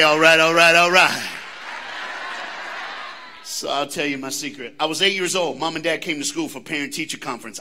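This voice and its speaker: A Southern American man speaking to a school assembly, his voice very bright and ringing. He pitches a little higher than most men and keeps firing questions and call-outs at the audience. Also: slight background noise. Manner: animated, engages the crowd with call-outs and questions. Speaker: motivational speaker. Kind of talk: live motivational speech to students.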